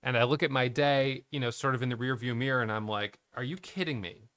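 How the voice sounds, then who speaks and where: Middle-aged male trading educator, gravelly bright voice, candid and self-questioning, dry close sound. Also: medium pitch, steady tone, fast, no room sound. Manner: candid, self-questioning, thinking aloud with restarts. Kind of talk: reflective trading recap to camera.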